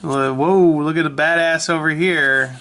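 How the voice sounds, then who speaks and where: Guy flipping thru his old sketchbook, slow and gravelly, lots of ums, kinda wry about it. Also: fairly high pitch, noisy background. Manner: relaxed, slow, many ums and restarts, wry self-mocking. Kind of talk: casual rambling commentary. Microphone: handheld camera mic.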